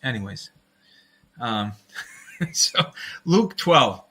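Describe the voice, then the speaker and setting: Guy ranting on his livestream, bright punchy voice, rambles, laughs at his own jokes. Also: mid-range voice, lively intonation, moderate pace. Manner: addresses listeners as folks. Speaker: livestream host. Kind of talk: casual livestream rant.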